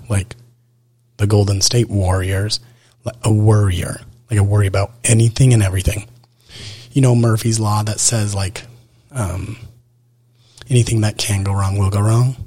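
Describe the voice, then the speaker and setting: A man's voice: on the low side, a little mellow, slightly rough. A man in his twenties hosting his own podcast, talking casually and rambling with many fillers while poking fun at himself. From Utah. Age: 20s. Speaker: podcast host. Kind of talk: casual solo podcast talk. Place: indoors at night.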